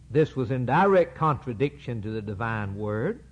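A man's voice: medium pitch, sing-song, moderate pace, hardly any pauses. A man preaching a sermon that explains Scripture, emphatic and repetitive, firing rhetorical questions. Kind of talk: sermon, Bible exposition. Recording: dull lo-fi recording.

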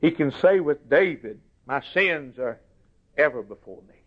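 A man preaching a sermon slowly and emphatically, lifting his voice for quoted scripture. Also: fairly high pitch, lively intonation, breathy edge. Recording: tinny phone-like recording.

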